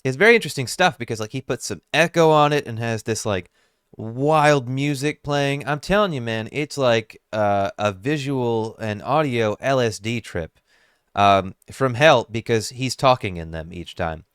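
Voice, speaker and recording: A man's voice: mid-range voice, moderate pace, a bit bright, clean tone, no echo. A man giving casual reaction commentary, musing wryly and thinking aloud on a close microphone. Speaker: YouTube commentator.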